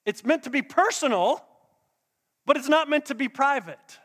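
In a church hall, a pastor preaches a sermon, drawing in the congregation with questions and call-and-response. His male voice is very high, animated, and fairly bright, at a moderate pace. A long hall reverb trails the recording.

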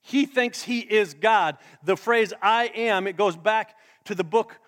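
A male pastor preaching a sermon to a live congregation, dramatic, swinging between loud emphasis and hushed asides. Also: sits high, a little slow. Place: church sanctuary with a live congregation. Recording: long church hall reverb.

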